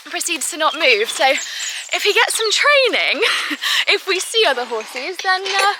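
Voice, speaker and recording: Young woman, high voice, bubbly casual vlog chat, frequent laughs, outdoors on a walk, phone mic. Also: sing-song, measured pace, background noise. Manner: bubbly, laughs often between phrases. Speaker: vlogger. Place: outdoors on open forest heathland, walking.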